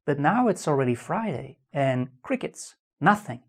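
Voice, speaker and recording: A man's voice: on the high side, sing-song, moderate pace, breathy edge. A man hosting a dating-advice video, speaking straight to the viewer in an earnest, conversational way and often asking rhetorical questions. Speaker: dating author and video host. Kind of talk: direct-to-camera advice talk.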